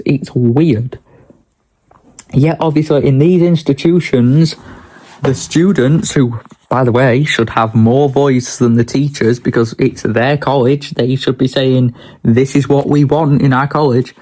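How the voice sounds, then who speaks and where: A man's voice: medium pitch, steady tone, measured pace, darkish tone. A young man, talking casually and bluntly in a daily vlog, ranting with a lot of swearing. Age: young adult. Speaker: vlogger.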